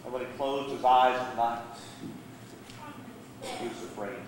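In an echoey church hall, a male guest preacher tells a sermon story with dramatic, varied delivery. His mid-range voice holds a steady tone and moves a little slowly. The mic is distant and there is background noise.

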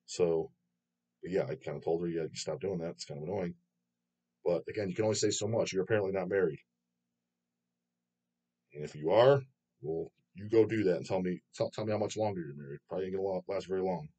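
A man's voice: sits low, quick pace, long pauses, dark tone, breathy edge. A man hosting his own channel, reading viewer comments aloud and answering them in a rambling, profane way, laughing often. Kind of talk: casual chat.

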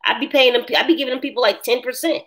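A woman hosting a casual live chat, answering viewers' comments in an animated way and laughing often. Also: on the high side, very fast. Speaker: live stream host.

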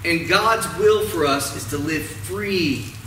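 A man preaching a sermon, stressing words and letting phrase ends drop soft and low. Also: a little hiss or hum. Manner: dramatic, drawn-out emphasis with falling, softening phrase ends. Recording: roomy echo, mic at a distance, faint ambience.

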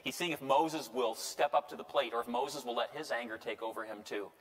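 A man, a priest, giving a casual Bible lecture, lively and joking, often tagging lines with "right?" and acting out quotes. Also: medium pitch, brisk. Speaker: priest teaching a Bible class. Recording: echoey hall reverb.

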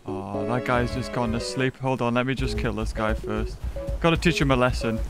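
A man hosting a gaming video, commentating excitedly, often shouting and laughing while he plays. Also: medium pitch, moderate pace, music in the background. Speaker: gaming channel host. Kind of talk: excited let's-play commentary.

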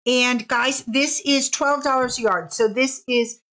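A woman's voice: high voice, steady tone, unhurried, fairly bright tone, slight background noise. A woman hosting a casual live fabric sale stream, bubbly and chatty, stretching out each product name as she shows it.

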